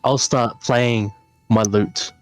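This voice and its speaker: A man playing a tabletop game, speaking in a slow, relaxed way. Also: medium pitch, faint music behind. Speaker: player. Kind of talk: casual tabletop play.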